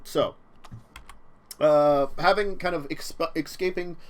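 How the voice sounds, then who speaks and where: A man's voice: fairly high pitch, slow pace. A man narrating a tabletop role-playing game as game master, rambling along with many fillers and restarts.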